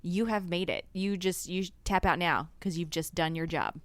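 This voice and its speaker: A woman's voice: on the low side, moderate pace, no echo. A woman co-hosting a podcast, talking in a thoughtful, searching way. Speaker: podcast co-host. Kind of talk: casual reflective chat.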